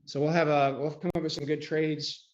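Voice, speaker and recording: Higher-voiced male trading coach on a lo-fi call. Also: level tone, normal speed. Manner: chatty, clears throat often. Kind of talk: live online coaching call. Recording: dull lo-fi call audio.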